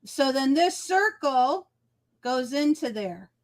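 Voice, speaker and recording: Higher-voiced woman explaining on a craft stream. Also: lively intonation, slow. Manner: explains step by step, keeps checking "okay?". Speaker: craft livestream co-host. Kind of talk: casual chat. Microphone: video call.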